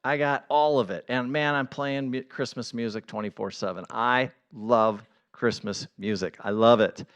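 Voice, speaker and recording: Man, pastor, casual earnest sermon, mid-pitched voice, gets excited and emphatic. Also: moderate pace, hardly any pauses.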